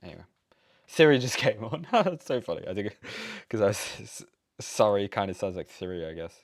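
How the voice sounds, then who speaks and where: A man's voice: lowish voice, sing-song, moderate pace, no echo, studio quality. A man with an Australian accent, casually chatting and laughing as he reacts to a video. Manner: chatty, laughs easily, trails off.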